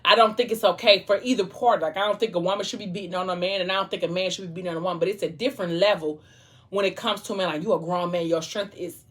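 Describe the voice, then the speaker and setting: A woman's voice: on the low side, very fast. Woman vlogger going off about a book, emphatic, super casual. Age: adult. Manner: animated, emphatic and colloquial.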